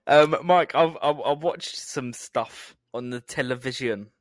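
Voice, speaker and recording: A man's voice: mid-range voice, unhurried, no room sound. Swearing man, dry close mic. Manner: laughs often, swears casually. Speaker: podcast co-host. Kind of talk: casual chat.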